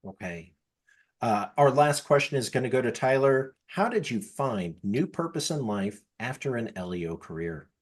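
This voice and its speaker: A man hosting an interview, politely and briskly reading out audience questions. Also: medium pitch, animated. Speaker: interview host.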